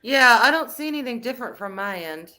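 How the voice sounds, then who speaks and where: A woman's voice: a little high, animated, brisk, bright, forceful tone. A woman guest on a livestream in casual chat, laid-back and amused. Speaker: stream guest.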